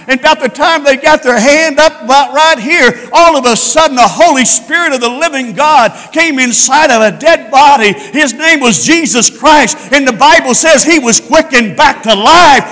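Fervent high-voiced preacher in a reverberant church. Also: male voice. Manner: fervent, rising to shouts, drawn-out emphasis. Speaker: pastor. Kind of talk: sermon. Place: church sanctuary. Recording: long hall reverb.

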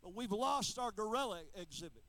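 A man's voice: high-pitched, lively intonation, a little fast, fairly bright tone, low-quality recording. A man preaching a sermon, telling a humorous story before moving into emphatic preaching with call-outs to the congregation. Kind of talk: sermon with a joke illustration.

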